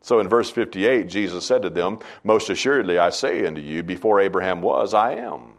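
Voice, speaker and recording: A man preaching a sermon as pastor, emphatic, his voice swinging between loud high stresses and low quiet asides. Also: brisk.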